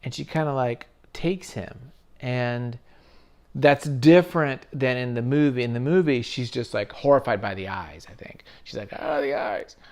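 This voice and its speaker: A man hosting his own video essay channel rambles casually through a story late at night, swearing lightly along the way. His voice is mid-range and a little mellow, at a moderate pace.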